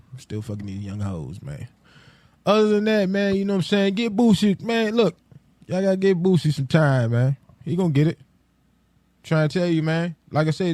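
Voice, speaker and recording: A man's voice: fairly high pitch, mellow, dry recording. A man hosting a solo podcast, ranting casually in profane street slang with loose, rambling restarts. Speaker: podcast host.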